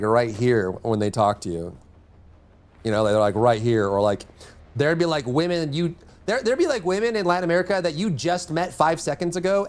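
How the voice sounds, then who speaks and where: Lively, jokey male livestreamer. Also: on the high side. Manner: rambling and jokey, chatting with teammates. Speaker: livestreamer and gamer. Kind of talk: casual live-stream chat while gaming.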